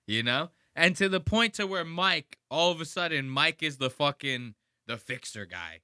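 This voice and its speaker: A man's voice: on the high side, animated, moderate pace, bright, forceful tone, clean tone, dry recording, studio quality. A man hosting a podcast, ranting and mocking in profane, casual commentary on a clip he plays. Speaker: podcast host.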